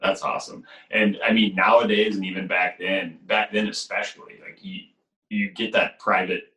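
A man with a very low voice talks in a loose, rambling way, full of "like" and "you know". His tone is bright and forceful despite the depth. The sound bounces around a roomy space. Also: normal speed. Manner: relaxed storytelling with many fillers. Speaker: goalie coach. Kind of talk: casual conversation. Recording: echoey room.

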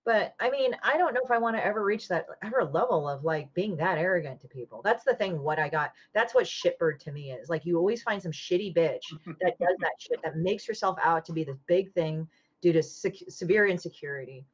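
A woman's voice: lowish voice, fairly quick, breathy edge. Blunt, swearing woman, lo-fi audio. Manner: blunt, swears freely, lively retelling. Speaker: comic artist. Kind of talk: casual podcast chat. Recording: dull lo-fi audio.

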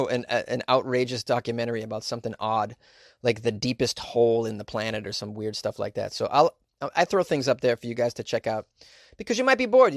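A man's voice: mid-range voice, dry recording, studio quality. A man hosting his podcast in a loose, rambling way, full of fillers and restarts. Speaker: podcast host. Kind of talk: casual monologue.

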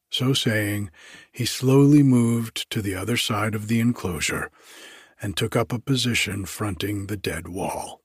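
A man giving a measured first-person reading of a literary story as an audiobook narrator. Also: lowish voice, breathy edge, no room sound, studio quality.

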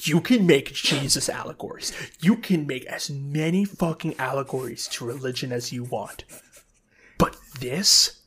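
A man's voice: medium pitch, moderate pace, hardly any pauses, slightly rough. A man co-hosting a casual comic review podcast, ranting in exasperation and swearing a lot. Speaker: podcast co-host.

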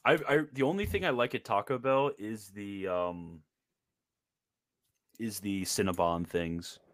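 A man's voice: lowish voice, a little slow, fairly bright tone, no room sound, studio quality. A young man with a Maryland accent, chatting casually and rambling through stories with many fillers and restarts. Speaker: podcast host. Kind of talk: casual chat.

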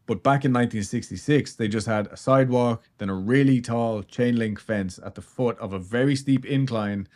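A man's voice: mid-range voice, normal speed, few pauses, darkish tone. A man hosting a podcast, telling a strange story in a rambling, jokey way and swearing casually. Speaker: podcast host.

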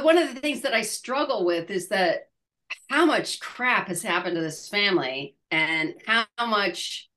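Bright-voiced actress in her sixties, halting. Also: mid-range voice. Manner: halting, laughing storyteller with many restarts. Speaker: actress guest. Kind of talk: casual interview chat.

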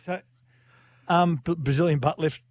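A man's voice: on the high side, steady tone, normal speed, dry recording. Blunt male radio co-host. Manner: blunt, dismissive, grumbling rebuttals. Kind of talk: casual radio banter. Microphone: studio mic.

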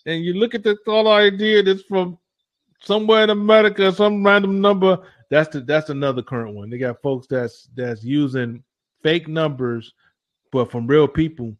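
Male host, casual chat, fairly high voice, stammering restarts, dull lo-fi recording. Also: normal speed. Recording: dull lo-fi sound.

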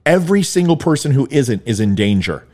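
Male commentary host, middle-aged, heated and mocking, lively pitch. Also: a little fast. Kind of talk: ranting political commentary.

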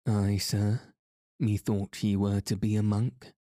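A man reading the part of a mocking, sharp-tongued young lady in a storybook, speaking in old-fashioned words. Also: lowish voice, little pitch movement, takes it slowly, dry recording, clean studio sound. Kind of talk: audiobook reading.

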